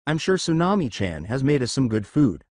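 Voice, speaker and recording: A man's voice: medium pitch, very animated, moderate pace, darkish tone, no room sound, clean studio sound. A man doing a cocky young ninja hero. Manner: boastful, playful.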